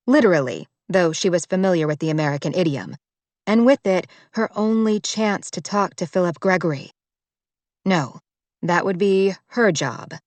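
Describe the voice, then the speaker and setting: A woman narrating a romance audiobook in a measured, even way on a close microphone. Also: on the low side, no room sound. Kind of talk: scripted narration.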